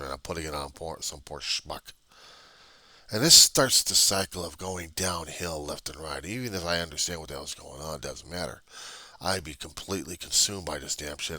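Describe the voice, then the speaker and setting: Man, extremely deep voice, husky, sharp edge, raw swearing monologue, personal video diary. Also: brisk, dry recording. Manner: raw, agitated, profanity-laced, repetitive. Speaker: video diarist. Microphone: computer webcam.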